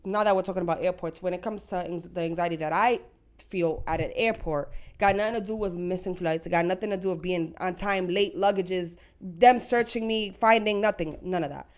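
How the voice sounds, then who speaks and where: A woman's voice: on the low side, fairly quick. A woman co-hosting a casual chat podcast, speaking bluntly in slangy phrasing and pressing with questions. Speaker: podcast co-host.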